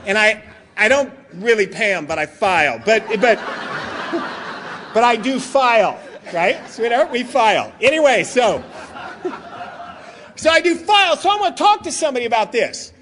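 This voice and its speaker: High-voiced, animated male storyteller. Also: normal speed, pauses often. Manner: animated, joking, acts out his own story lines; laughs often while telling stories. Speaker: recovery meeting speaker. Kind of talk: comic storytelling talk.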